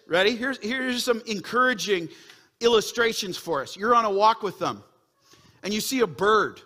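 A middle-aged man preaching a sermon as pastor, swinging from quiet, earnest asides to loud, excited bursts. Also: high voice, normal speed, long pauses.

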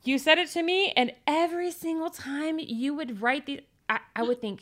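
A woman in casual podcast chat, telling a story with emphasis, some swearing and lively retold quotes. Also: high voice, measured pace. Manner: emphatic and profane, animated storytelling.

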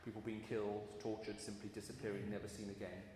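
A man's voice: on the low side, completely flat delivery, fast, dark tone, a little hiss or hum. A man giving a sermon, earnest and storytelling, with emphatic rises in his voice, recorded in a large hall. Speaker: preacher. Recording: echoey hall with long reverb.

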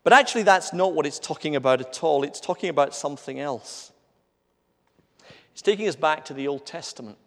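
Guy preaching in a church, a bit high voiced, long echo off the walls. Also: lively intonation, a little fast. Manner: earnest, conversational, with rhetorical questions. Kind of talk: sermon. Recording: long hall reverb.

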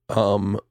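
A man's voice: on the low side, no echo, clean studio sound. A man in his thirties hosting a podcast, telling a story in casual, profane chat and acting out the lines he quotes. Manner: animated, profane storyteller who acts out quotes. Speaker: podcast host. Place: home studio room.

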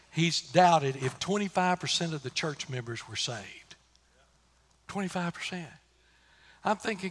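A man preaching a sermon, swinging between loud emphatic lines and hushed low ones. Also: a little hiss or hum. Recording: reverberant church hall.

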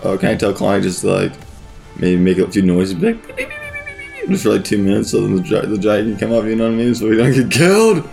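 Gravelly, animated male tabletop player. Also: lowish voice, fast, faint music behind. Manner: excitable, pleading, laughs often. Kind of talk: tabletop game play.

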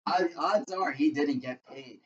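A man telling a story in casual podcast chat, deadpan and profane, acting out what people said. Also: fairly high pitch, measured pace. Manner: deadpan, profane, acts out quotes. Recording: distant, dull lo-fi mic.

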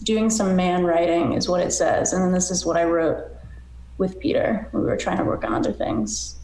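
A woman's voice: on the low side, steady tone, moderate pace, mellow. A woman guest on a podcast, hesitant and self-deprecating, chatting and reading her own comic prose aloud. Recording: roomy echo.

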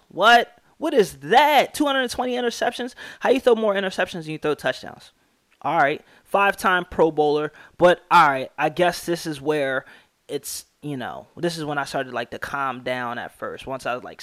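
A man's voice: fairly high pitch, no room sound, studio quality. A young American man hosting a sports podcast, talking casually and with strong opinions, rattling off stats and slang. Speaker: podcast host.

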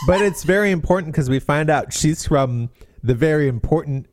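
A podcast co-host in casual chat, poking fun at a romance novel with sarcastic asides and quick character bits. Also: mid-range voice, expressive, very noisy.

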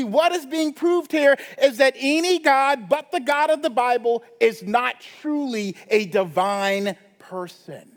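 A man pastor preaching a sermon in a conversational way, often checking in with a quick "right?". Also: very high-pitched. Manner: conversational preaching with frequent tag questions. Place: church sanctuary. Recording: long church reverb.

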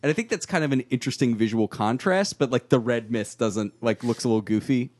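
A man's voice: medium pitch, fast talker, darkish tone, no room sound. A man co-hosting a podcast, making wry jokes in casual chat about a TV episode. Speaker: podcast co-host.

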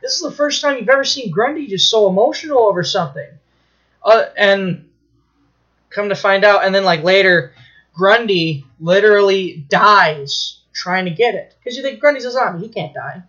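Excitable, high-voiced man telling a story. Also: moderate pace, highs cut off. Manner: excitable, swears freely, lots of fillers and restarts. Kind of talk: casual chat retelling a story.

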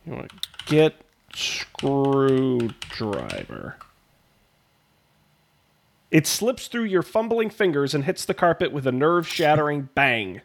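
Lively man with a cold. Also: mid-range voice, slow, creaky, long pauses, a little hiss or hum. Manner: animated, reads game text with playful emphasis. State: has a cold. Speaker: podcast host. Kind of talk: casual chat, reading a text game aloud.

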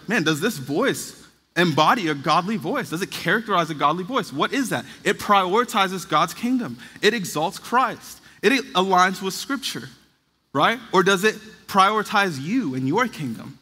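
A man in his thirties delivers an earnest, conversational sermon in a bright, forceful voice with a husky edge. His voice sits a little high for a man, and it rings with the long reverb of a large hall. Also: animated, normal speed. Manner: earnest, conversational preaching with acted quotes. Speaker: pastor.

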